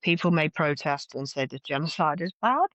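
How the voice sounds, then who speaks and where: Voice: mid-range voice, expressive, normal speed, fairly bright tone, dry recording, highs cut off. A co-host from North West England on a political podcast, chatting casually with dry, sarcastic asides.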